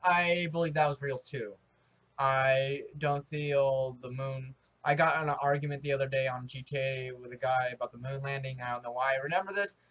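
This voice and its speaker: Excitable high-voiced young American man. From United States. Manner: rambling, excitable, with many restarts and fillers. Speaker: vlogger. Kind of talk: casual rambling opinion vlog.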